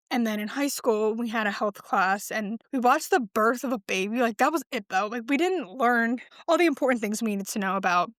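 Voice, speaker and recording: A woman's voice: fairly high pitch, a bit bright, no room sound, studio quality. A pregnant woman in her late twenties hosting a podcast, talking casually and swearing often, with lots of "like" fillers. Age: 20s. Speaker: podcast host. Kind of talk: casual solo chat.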